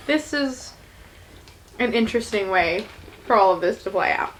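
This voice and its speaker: A woman's voice: fairly high pitch, lively intonation, moderate pace, pauses often, fairly bright tone, slight background noise. A young woman telling a story in casual chat, full of "like" and quoted lines. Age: young adult. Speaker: YouTuber retelling a musical's plot.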